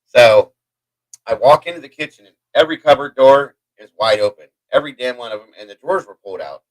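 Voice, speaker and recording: A man hosting a live stream, telling a long personal story in a rambling, profane, animated way. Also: medium pitch, fast talker, rough recording. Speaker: host. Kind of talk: livestream storytelling.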